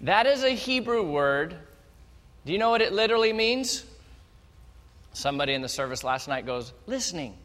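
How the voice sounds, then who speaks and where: A male pastor preaching a sermon, telling the story with animated energy and speaking straight to the congregation. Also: high-pitched, moderate pace, long pauses. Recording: long hall reverb.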